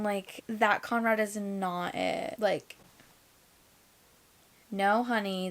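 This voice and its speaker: A woman's voice: medium pitch, slow, fairly bright tone. Chatty young woman vlogging her reading. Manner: chatty, gushing, lots of "like". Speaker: book vlogger. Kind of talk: casual reading vlog chat.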